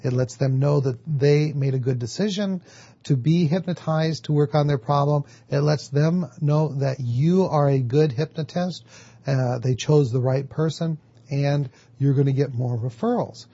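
A man's voice: on the high side, unhurried, mellow, breathy edge, muffled recording. A man teaching a lecture on hypnotherapy, explaining step by step and answering his own questions. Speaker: hypnotherapy instructor.

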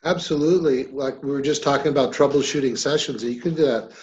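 A man's voice: medium pitch, quick pace, darkish tone, muffled recording. A man hosting a hypnosis training talk, affirming and conversational in a casual teaching manner.

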